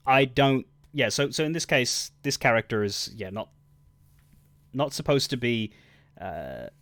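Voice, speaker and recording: A man's voice: mid-range voice, expressive, unhurried, a bit bright, no room sound. Rambling, wry male streamer. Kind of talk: casual livestream commentary.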